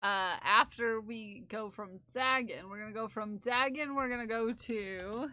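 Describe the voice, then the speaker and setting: A woman's voice: fairly high pitch, measured pace, pushed and bright, no echo, clean studio sound. A woman streamer chatting casually with her viewers, reading their messages aloud and laughing often. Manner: chatty, giggly, reads chat aloud. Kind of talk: casual live-stream chat.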